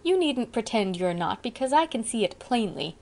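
A woman's voice: a little high, sing-song, moderate pace, a little mellow. A woman voicing a spirited, frank teenage girl in an audiobook, speaking in a teasing, scolding way.

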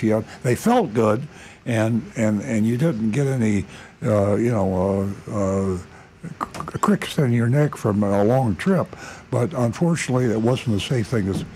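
A man's voice: medium pitch, lively intonation, mellow, a little hiss or hum. A man on a radio car show explaining road feel, hesitant and full of fillers. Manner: halting, many fillers.

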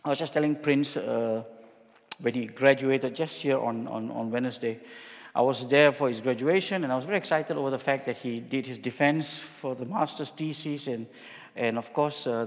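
Middle-aged pastor guy from singapore, jokey storyteller, lots of restarts, big echoey church hall. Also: mid-range voice. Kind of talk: sermon with personal story.

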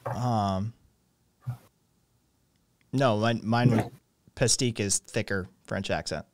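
A man's voice: fairly low pitch, steady tone, takes it slowly, dry recording. A man hosting a live stream, chatting casually in a sarcastic, profane, joking way. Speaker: stream host. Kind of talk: casual chat.

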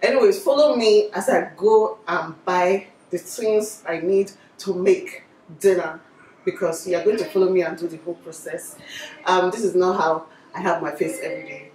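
A woman's voice: fairly low pitch, moderate pace, a little mellow, reverberant, recorded from a distance, slight background noise, poor audio. A young Nigerian woman chatting casually as a cooking vlogger, laughing easily as she talks. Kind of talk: casual vlog chat. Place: home kitchen.

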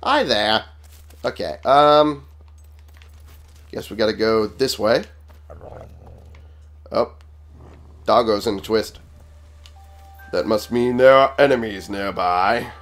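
A man's voice: lowish voice, slow, pauses often, fairly bright tone. A man giving casual, profane commentary while playing a video game, sarcastic and exclaiming at enemies as he fights. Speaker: gaming channel host. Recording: game music behind voice.

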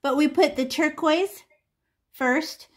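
High-voiced woman teaching a painting class. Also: slow. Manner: chatty, chants repeated words as she paints. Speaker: art teacher. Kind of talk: live painting class instruction.

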